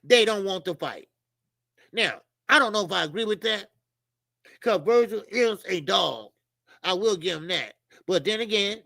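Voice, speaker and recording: A man talks boxing on a live stream in a casual, rambling way, cursing bluntly and calling out to viewers in the chat. His voice sits high and has a gravelly edge. The recording is dry and close, with no room sound. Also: pushed and bright, dry recording. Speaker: boxing channel host.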